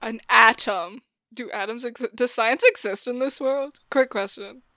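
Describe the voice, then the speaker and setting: Bright, flustered woman player. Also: fairly high pitch, moderate pace. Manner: hesitant, flustered, giggly. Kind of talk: casual tabletop play.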